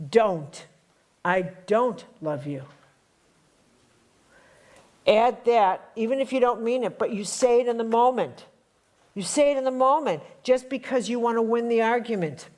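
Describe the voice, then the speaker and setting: A woman's voice: fairly high pitch, darkish tone. A woman from the Chicago area teaching a live spiritual workshop to an audience. She talks bluntly and repeats her lines for punch.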